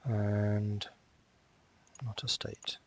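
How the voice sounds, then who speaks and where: Low-voiced man muttering through a strategy game. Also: level tone, very slow, a little mellow, a little hiss or hum. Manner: muttering to himself, talking at the game. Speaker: strategy game let's player. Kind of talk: casual gameplay commentary.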